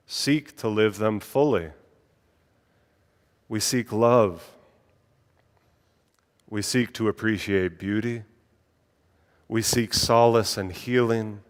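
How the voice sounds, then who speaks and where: A man's voice: medium pitch, clean tone. A man from Virginia, a minister, giving a sermon and spoken prayer, playful with wordplay and then solemn. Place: church sanctuary. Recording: long hall reverb.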